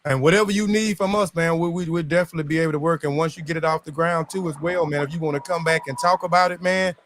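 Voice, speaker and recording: A man hosting a casual chat, relaxed and affirming, padding his talk with "man". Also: on the high side, quick pace, noisy background. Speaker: podcast host.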